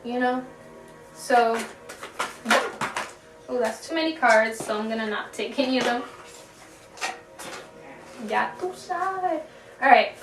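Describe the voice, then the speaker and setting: A young woman with a fairly high voice gives a casual tarot reading, chatty and giggly, swearing lightly and stretching words for emphasis. She sits a little back from the mic in an echoey room at home. Faint music plays behind her. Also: fairly even intonation, moderate pace, pauses often, recorded from a distance. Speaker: tarot reader.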